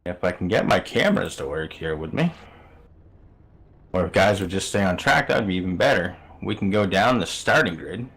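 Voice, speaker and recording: A man's voice: low-pitched, animated, normal speed, vocal fry, a bit bright, slightly rough. A middle-aged man calling a sim racing broadcast in a chatty, easygoing way, reading out the starting grid. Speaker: race commentator.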